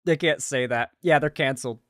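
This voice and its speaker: A man's voice: medium pitch, brisk, a bit bright, no echo, studio quality. A man from Florida doing casual livestream commentary, rambling with lots of "like" and restarts as he talks to his chat.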